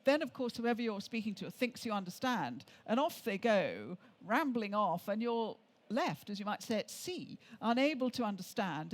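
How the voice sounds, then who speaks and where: An older woman from England, speaking at an everyday middle pitch. She tells her travel stories in a chatty, rambling way and often stops to restart a sentence. She speaks as an interview guest on a stage at a show. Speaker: author and tour leader, interview guest. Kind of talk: conversational anecdotes on stage.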